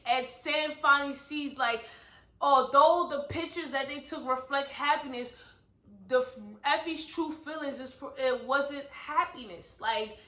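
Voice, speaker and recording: A woman's voice: sits high, a little slow, bright, forceful tone. A woman giving a casual book review on her vlog, talking emphatically and peppering her speech with "like" and "right?". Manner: emphatic, heavy use of "like" and "right?". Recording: echoey room.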